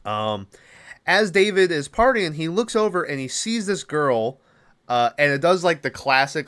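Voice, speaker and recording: A man's voice: fairly high pitch, sing-song, unhurried, fairly bright tone. A man hosting a podcast, recapping a movie in a rambling, casual way, full of filler words and swearing. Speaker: podcast host.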